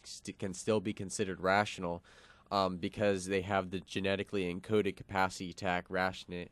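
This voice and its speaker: A man's voice: low-pitched, dry recording. A young man co-hosting a college radio show, explaining a philosophical argument with lots of fillers and restarts. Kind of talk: casual philosophical discussion.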